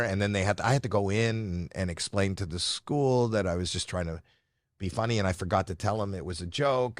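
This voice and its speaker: A man's voice: lowish voice, no echo, studio quality. A middle-aged comedian telling a story as a podcast guest, rambling and playful, often breaking off his own sentences. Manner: rambling, self-interrupting, playful. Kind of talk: casual storytelling.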